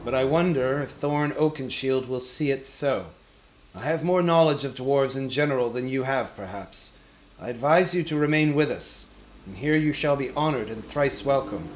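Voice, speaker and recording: A man voicing a wise, stately male elf king in an audiobook, grave and measured. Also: medium pitch, lightly acted, low-quality recording. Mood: solemn.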